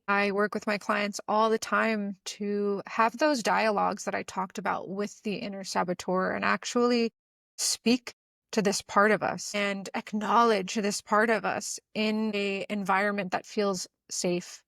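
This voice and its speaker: A woman relationship coach speaking in a calm, earnest, soothing podcast monologue, now and then swearing casually. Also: mid-range voice, no echo, clean studio sound.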